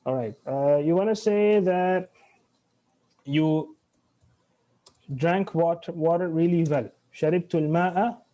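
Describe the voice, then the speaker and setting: A man's voice: on the high side, measured pace, long pauses, warm tone. A man teaching Arabic grammar in an online class, switching between English and Arabic, restarting phrases and quizzing his students.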